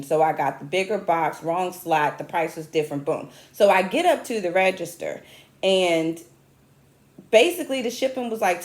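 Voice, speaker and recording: Animated woman comic, roomy echo. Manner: animated, chatty, self-mocking with sudden high squeals. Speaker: comedian host. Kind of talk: comic storytelling monologue.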